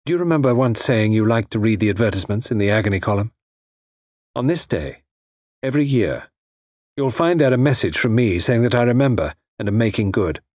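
A man's voice: on the low side, lively intonation, brisk, darkish tone, dry recording, studio quality. A man playing an intense young man, once a gigolo, who pleads earnestly and with passion.

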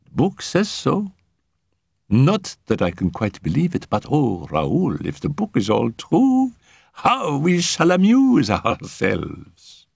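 A man reading a story aloud, voicing an excitable, scheming young French girl in a raised, eager voice. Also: medium pitch, moderate pace, gravelly, dry recording, studio quality, voice pushed up. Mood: gleeful.

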